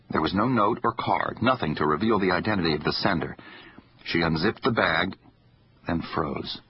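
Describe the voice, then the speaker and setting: Deep-voiced male audiobook narrator. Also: breathy edge, highs cut off. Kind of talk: scripted narration.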